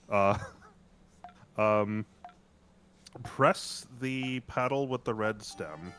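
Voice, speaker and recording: An American man in casual game chat who reads out instructions slowly and jokes now and then. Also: fairly low pitch, a bit bright, a little hiss or hum. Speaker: co-player reading the manual.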